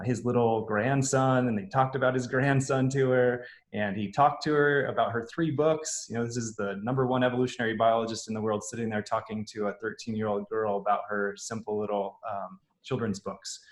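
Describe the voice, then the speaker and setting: A middle-aged man talks over a video call in an earnest, relaxed way, dropping in fillers as he goes. His voice sits at an ordinary middle pitch. Around him is a noticeably echoey room. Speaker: parent introducing a young author. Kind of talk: warm reading of a foreword on a video call.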